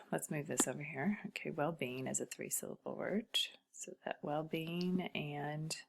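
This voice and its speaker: A woman teaching a recorded reading lesson, patiently sounding out syllables for children and muttering quietly while she works. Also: deep voice, vocal fry, a little hiss or hum. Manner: patient, talking to students, sounding out syllables slowly; often drops to a quiet murmur while working the screen.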